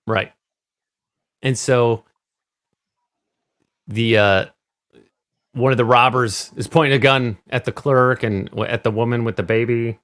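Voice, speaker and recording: A man with a middle-pitched voice co-hosting a casual movie podcast. He recounts scenes in a laid-back, matter-of-fact way and chimes in with quick agreements. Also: steady tone, fairly bright tone. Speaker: podcast co-host. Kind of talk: casual movie review chat.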